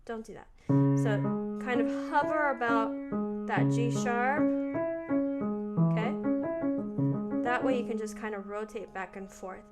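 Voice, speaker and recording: A woman piano teacher talking through her practice in a relaxed, chatty way, thinking aloud as she plays. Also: a little high, measured pace, pauses often. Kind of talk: casual piano practice lesson. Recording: voice over loud piano playing. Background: piano playing.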